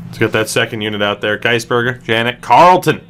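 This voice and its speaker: A man commentating his own hockey video game, swinging between low groans and excited shouts. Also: fairly quick. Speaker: gaming streamer.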